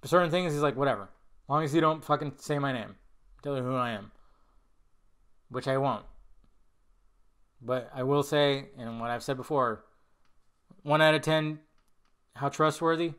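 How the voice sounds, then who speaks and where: A man's voice: medium pitch, normal speed, long pauses, fairly bright tone, clean tone. A man hosting a casual solo podcast, answering viewer questions in a rambling, blunt way, with casual swearing and trailing mutters. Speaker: podcast host.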